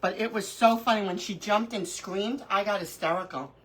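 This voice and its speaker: Bright, animated woman telling stories. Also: mid-range voice, normal speed, slightly rough, poor audio. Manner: animated storyteller, laughs often. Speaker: craft livestream host. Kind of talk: casual chat during a live crafting stream.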